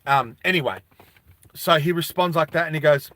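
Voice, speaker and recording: A streamer talks his chat through a long story in a chatty, rambling way. His voice is bright and a little high. The recording is close and dry. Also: moderate pace, dry recording. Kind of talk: casual storytelling to a live chat.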